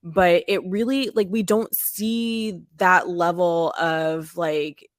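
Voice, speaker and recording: A woman's voice: fairly low pitch, fairly even intonation, slow pace, dry recording, studio quality. A woman hosting a podcast in casual chat, thoughtful and searching for her words as she goes. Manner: thoughtful, searches for words, many fillers and restarts. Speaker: podcast host.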